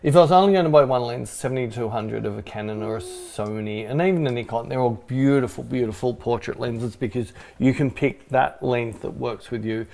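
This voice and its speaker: A gravel-edged man talking through a live-stream Q&A in an easy, rambling way. His voice is dark and mellow, and he slips jokes in between lens tips. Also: medium pitch, brisk, hardly any pauses. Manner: relaxed, joking, rambling advice. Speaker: photographer hosting a live Q&A. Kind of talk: casual live-stream chat. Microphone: mixer-fed microphone.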